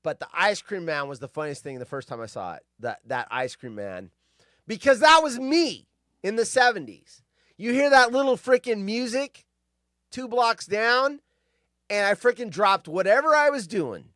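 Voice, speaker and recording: A man's voice: high-pitched, expressive, normal speed, a bit bright, no echo, clean studio sound. Rambling middle-aged male host. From California. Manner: rambling, nostalgic storytelling with tangents. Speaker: show host. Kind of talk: casual rambling monologue.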